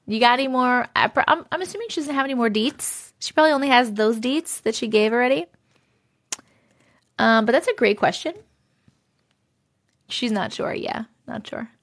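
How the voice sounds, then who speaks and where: A woman hosting a live stream, chatting casually, swearing freely and reading viewer stories aloud with loud disbelief. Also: on the high side, moderate pace, long pauses.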